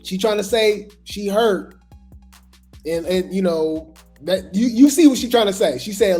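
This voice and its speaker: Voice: medium pitch, unhurried, darkish tone, faint music behind. A host giving casual gossip commentary, chatty and trailing off with repeated asides.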